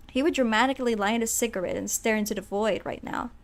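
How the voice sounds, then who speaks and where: A woman streamer reads a game's story aloud in a bright, slightly high voice. She is playful and animated, mixing dramatic narration with quick asides to her chat. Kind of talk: casual let's-play, reading game text aloud.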